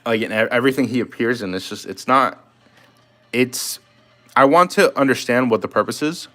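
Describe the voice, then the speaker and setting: A man talking loosely on a live stream. He keeps up a rambling, chatty flow as he reacts to viewer comments. His voice sits at an ordinary middle pitch. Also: moderate pace, bright, forceful tone, faint music behind. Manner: loose and chatty, talking to chat while drawing. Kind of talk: casual live stream chat.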